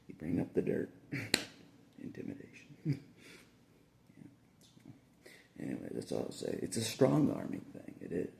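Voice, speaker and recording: Casting: low, gravelly male vlogger with a lively swing in his voice, laughing between lines. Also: slight background noise. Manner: chuckles through nearly every sentence; repeats phrases, restarts often. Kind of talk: casual rambling monologue.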